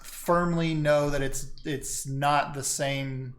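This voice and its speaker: A man's voice: on the high side, steady tone, takes it slowly, fairly bright tone, a little hiss or hum. Young guy GMing a tabletop game, laid back, lots of ums, chuckles a bunch. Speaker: game master.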